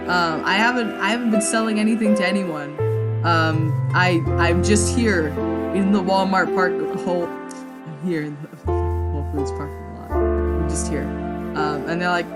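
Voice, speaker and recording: A young woman with a slightly low voice tells a meandering story, tripping over repeated words and restarts. She swears casually and keeps circling back. Music plays clearly under her voice. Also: a little slow. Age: young adult. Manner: rambling, self-interrupting, stammers and swears. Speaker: gaming vlogger. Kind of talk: rambling let's-play storytelling.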